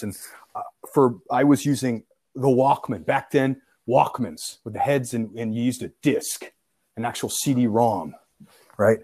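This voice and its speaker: A young man in casual chat, telling an old school prank story with laughter, acted-out quotes and swearing. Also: mid-range voice. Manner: animated storyteller, laughs often, acts out quotes, swears freely.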